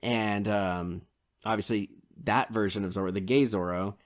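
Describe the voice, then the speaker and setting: A man's voice: on the low side, steady tone, normal speed. A man co-hosting a podcast, reviewing a film in casual chat and hedging his points with frequent fillers and restarts. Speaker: podcast co-host.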